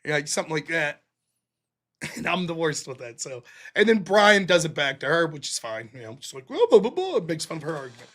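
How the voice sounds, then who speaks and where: A man's voice: fairly high pitch, brisk, a bit bright. A man hosting a livestream, ranting casually and profanely about a debate, laughing often. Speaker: livestream host.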